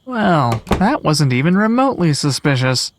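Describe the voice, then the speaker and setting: A wisecracking young hero. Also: female voice, low-pitched, very animated, moderate pace. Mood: wry. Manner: wisecracking, casual, sarcastic. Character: sarcastic young male time traveler hero. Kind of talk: video game voice acting.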